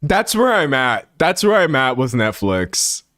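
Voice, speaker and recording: A man's voice: medium pitch, very animated, a little slow, fairly bright tone, no room sound. A man chats loosely with his stream audience, breaking into laughter between thoughts and circling back on himself. His voice sits in an ordinary middle register. The sound is close and dry on a streaming mic, with no room around it. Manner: laughs often, rambling with restarts. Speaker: livestream host. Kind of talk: casual livestream rant. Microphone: streaming microphone.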